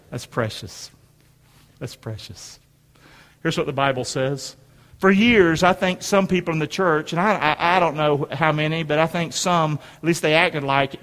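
Preaching in a church sanctuary, a middle-aged pastor speaks emphatically and draws call-and-response answers from his congregation. His voice runs on the high side and a bit bright, captured with long hall reverb.

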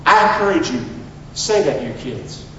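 A pastor preaching in a cavernous, ringing church, his rather high man's voice picked up from a distance. He urges the congregation to repeat after him, then drops to a hushed, earnest tone. The sound is a bit muffled. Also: big pitch swings, moderate pace, slight background noise. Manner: call-and-response preaching, swinging from loud to hushed. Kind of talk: Father's Day sermon. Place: church sanctuary. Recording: very echoey hall, distant mic, slightly dull.

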